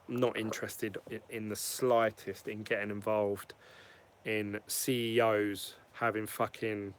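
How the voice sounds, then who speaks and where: A man giving a casual, rambling opinion vlog, blunt and quick to swear. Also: mid-range voice, a bit bright, smooth. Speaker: crypto vlogger.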